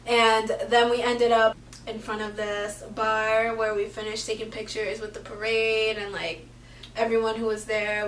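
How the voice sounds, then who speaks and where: A woman in a casual vlog, telling an emotional story expressively and often trailing off softly. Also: fairly high pitch, recorded from a distance, a little hiss or hum. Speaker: vlogger. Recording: echoey room, camera mic from afar.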